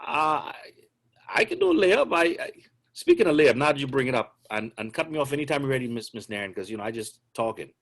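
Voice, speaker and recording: A middle-aged man who coaches basketball, talking through a video call. He is chatty and joking, with a voice of middling pitch that sits right in the usual range for a man. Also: quick pace, fairly bright tone.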